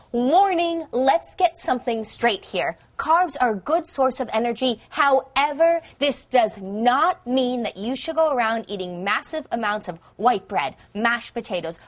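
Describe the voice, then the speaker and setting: A woman's voice: a little high, lively intonation, measured pace, few pauses. Upbeat woman presenting a lesson. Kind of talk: scripted educational presenting.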